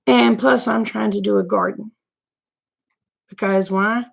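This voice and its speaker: A woman's voice: mid-range voice, steady tone, unhurried, vocal fry, breathy edge. A middle-aged woman, chatting frankly and folksily to her viewers, laughing often. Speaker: vlogger. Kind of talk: casual livestream chat.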